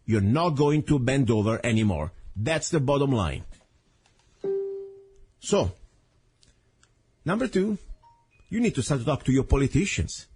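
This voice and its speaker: A man's voice: mid-range voice, darkish tone, slightly rough. A man hosting a talk radio show, delivering an impassioned, blunt, ranting monologue into a studio microphone.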